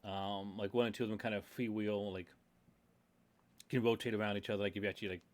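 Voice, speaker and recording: A man's voice: lowish voice, level tone, fast talker. A man running a tabletop horror game as game master, describing scenes in a rambling way full of fillers.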